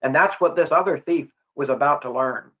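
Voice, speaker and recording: A man's voice: a little high, a little fast. A man preaching a gospel sermon in earnest, putting questions straight to the listener. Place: gospel hall. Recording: tinny phone-like sound.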